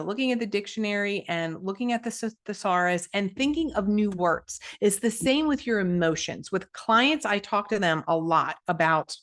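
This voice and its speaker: A woman hosting her own podcast as a coach, teaching in a direct, energetic way with many asides and quick restarts. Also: lowish voice.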